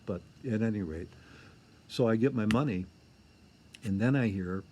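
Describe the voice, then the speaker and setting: A man's voice: lowish voice, normal speed, pauses often, darkish tone, slight background noise. An older man from Michigan, an interview guest who tells stories in a rambling way, repeats himself and acts out what people said. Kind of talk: casual storytelling.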